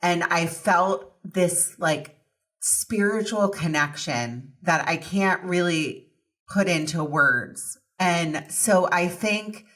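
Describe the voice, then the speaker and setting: A woman's voice: on the low side, slow pace, a bit bright. A woman hosting a podcast, speaking in an empathetic, reflective way. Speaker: podcast host. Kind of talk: conversational interview. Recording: voice distant from the mic.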